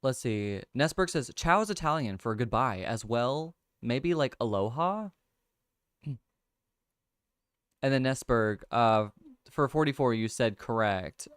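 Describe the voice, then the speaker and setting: Young guy chatting slow on stream, smooth clear voice, dry close sound. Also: mid-range voice, lively intonation, no room sound. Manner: thinks out loud, laughs often, reads viewer comments. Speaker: livestream host. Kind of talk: casual chat, solving a crossword with chat.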